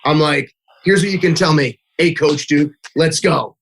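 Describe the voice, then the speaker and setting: Chatty, higher-voiced man telling coaching stories. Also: moderate pace, creaky, a bit bright, slight background noise. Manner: chatty, fills speech with "like", acts out kids' and his own quotes. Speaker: youth baseball coach, podcast guest. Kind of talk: casual interview chat, storytelling.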